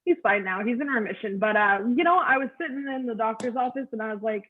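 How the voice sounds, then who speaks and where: A woman's voice: fairly high pitch, fast talker, hardly any pauses. A middle-aged woman doing a stand-up comedy set over a video call, with a crude, offhand delivery. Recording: tinny phone-like video call audio.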